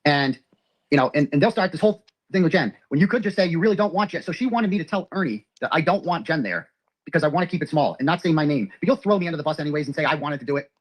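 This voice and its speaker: Male, high voice, very fast talker, profane ranting monologue reading texts aloud. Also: lively intonation. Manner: rapid, profane, reads messages aloud. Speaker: man recounting his ex's messages.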